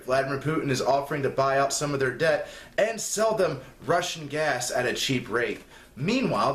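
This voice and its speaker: Fairly high-pitched and slightly bright, this young spoof-news segment host rants sarcastically and rambles on, growing more exasperated as he goes. The room is echoey, with faint ambience.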